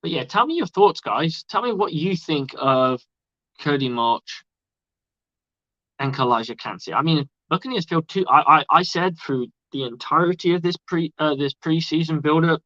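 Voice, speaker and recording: A man's voice: on the high side, animated, moderate pace, sharp tone, dry recording. A man hosting a live stream with casual sports commentary, rambling and chatty and swearing freely. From outside the United States. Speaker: livestream host. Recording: dull lo-fi dry sound.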